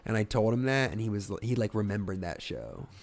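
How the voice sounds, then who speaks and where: A man's voice: fairly low pitch, a little fast. A young adult man, a stand-up comedian, telling a casual, profane story on a podcast and acting out voices as he goes. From Ohio, US. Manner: animated, swearing, acts out voices in his anecdotes.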